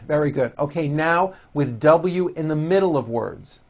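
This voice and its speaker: Teaching English pronunciation, this man models drill words in slow, deliberately over-articulated speech and explains the sounds between them. His voice is fairly high.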